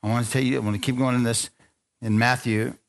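Excitable preacher man telling stories. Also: mid-range voice, fast talker, vocal fry. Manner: excitable, playful storytelling with call-and-response. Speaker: pastor. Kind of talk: sermon.

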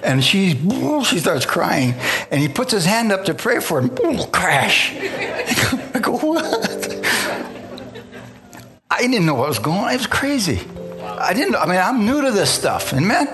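A man's voice: sits high, very animated, normal speed, a bit bright. Guy preaching his testimony in church, tells it like a story, does the voices, keeps asking amen, some music under it. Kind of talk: testimony sermon. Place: church in front of a congregation.

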